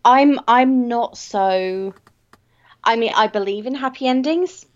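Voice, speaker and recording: A woman talking in a measured, reflective way in a casual book chat, stretching out her phrases. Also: on the high side, highs cut off.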